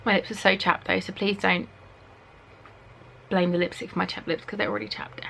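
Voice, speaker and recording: A young English woman from Norfolk chatting excitedly on camera at home, reading out product blurbs as she unboxes them. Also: fairly low pitch, a little fast, gravelly, a little hiss or hum. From Norfolk, England. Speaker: beauty vlogger. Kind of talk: casual unboxing chat. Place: at home, indoors.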